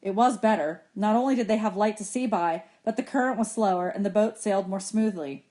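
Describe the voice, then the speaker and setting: A woman teacher reading a novel chapter aloud to her students, expressive and lifting her voice for the characters' lines. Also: medium pitch, brisk.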